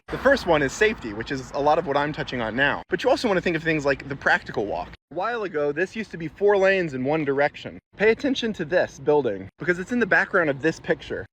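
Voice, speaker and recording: A man's voice: a little high, a bit bright, a little hiss or hum. A man in matter-of-fact, explanatory, scripted narration about street design.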